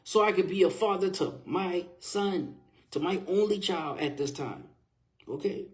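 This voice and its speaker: A man with a fairly high voice tells his own story with feeling. He talks casually, full of slang, and swings between heated and quieter moments as he recounts it. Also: measured pace. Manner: animated, conversational, uses casual slang. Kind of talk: emotional personal storytelling.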